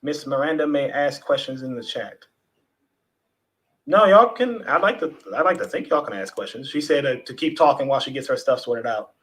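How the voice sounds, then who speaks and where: A man's voice: mid-range voice, moderate pace, low-quality recording. A man hosting a casual livestream, chatting loosely with viewers and swearing now and then. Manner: relaxed, chatty, swears casually, talks to the chat. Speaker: livestream host.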